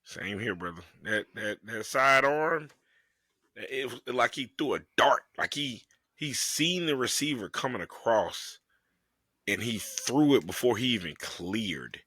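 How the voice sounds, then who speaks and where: A man's voice: mid-range voice, animated, unhurried, bright, forceful tone, slightly rough, no echo. A man co-hosting a sports podcast, chatting in an easygoing, enthusiastic way. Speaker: podcast co-host. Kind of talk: casual sports podcast chat.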